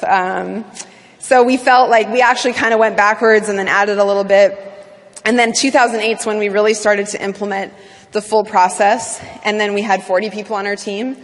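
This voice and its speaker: Upbeat Canadian woman in a reverberant hall. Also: mid-range voice. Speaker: business speaker. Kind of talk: speech to an audience.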